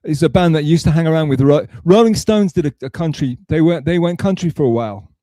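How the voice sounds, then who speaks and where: A man's voice: on the high side, fast talker, dark tone, no room sound, studio quality. A man hosting a livestream, rambling and swearing casually to his chat, often correcting himself mid-sentence. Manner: rambling, profane, self-correcting. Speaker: livestream host.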